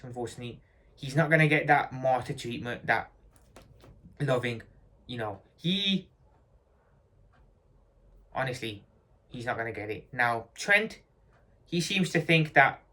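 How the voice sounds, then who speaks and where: A man rants as a football fan, blunt and emphatic, circling back to the same points again and again. His voice sits at an ordinary middle pitch for a man. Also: a bit bright. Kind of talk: opinionated fan rant.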